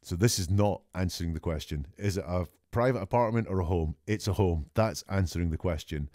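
Deep-voiced man analysing a call. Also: warm tone, dry recording, clean studio sound. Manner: measured, deliberate, often slows for emphasis. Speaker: statement analysis commentator. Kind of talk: analytical commentary on a recorded call.

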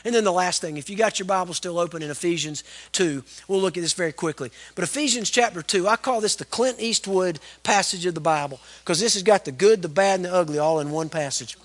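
Animated preacher in his forties. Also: high-pitched, fast talker, hardly any pauses. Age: 40s. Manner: animated, folksy storyteller. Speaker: pastor. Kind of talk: storytelling sermon.

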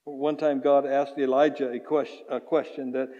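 A man preaching a sermon as pastor, animated and chuckling often, acting out little voices. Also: medium pitch, normal speed, dull audio. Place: church sanctuary. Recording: church hall reverb.

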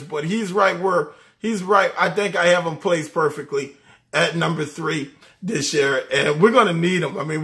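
A man's voice: a little high, bright, forceful tone. A man talking college football casually, enthusiastic, laughing often and repeating his words. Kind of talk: casual sports talk.

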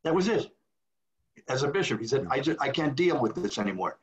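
Telling a story on a video call, a retired priest, an older man, mimics the voices of the people he quotes. He is very animated, fairly quick, and medium in pitch, heard through dull lo-fi call audio.

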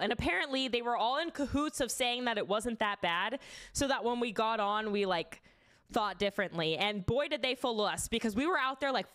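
A young woman telling a funny story in casual chat, animated, full of "like" fillers and swearing. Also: a little high, normal speed. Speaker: streamer.

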